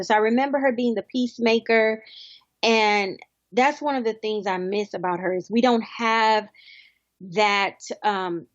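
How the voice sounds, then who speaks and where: A woman's voice: fairly high pitch, normal speed, fairly bright tone, dry recording, highs cut off. A woman in her thirties, a guest in an interview, talking in a heartfelt, reminiscing way. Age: 30s. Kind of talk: interview conversation.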